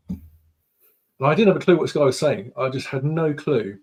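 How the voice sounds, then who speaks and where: A mid-pitched male guest from the UK tells stories over a video call. His delivery is relaxed, unhurried and chatty, like a casual conversation.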